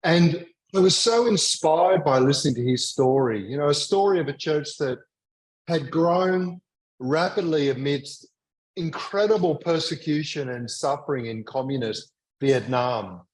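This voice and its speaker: A man with an Australian accent, speaking as a guest in a conversational interview, measured and thoughtful with some light humor. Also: a little high, poor audio. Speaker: guest, mission leader and teacher.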